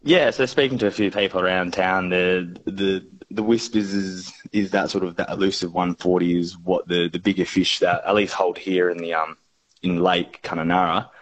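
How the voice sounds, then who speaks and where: A man's voice: low voice, steady tone, normal speed, poor audio. An Australian man speaking as a fishing expert on a radio interview, enthusiastic and laid-back, with plenty of fillers and slang.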